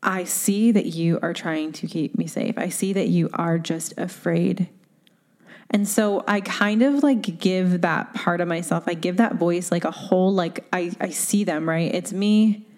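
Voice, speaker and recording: A woman with a low-set voice gives a solo motivational talk as a coach. She speaks casually and candidly, leaning on fillers and quick tag questions. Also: darkish tone. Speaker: podcast host and coach.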